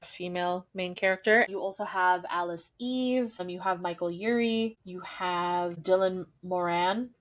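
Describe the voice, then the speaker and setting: A woman co-hosting a podcast, chatting casually about a movie with lively jumps in pitch for emphasis. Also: a little slow. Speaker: podcast co-host.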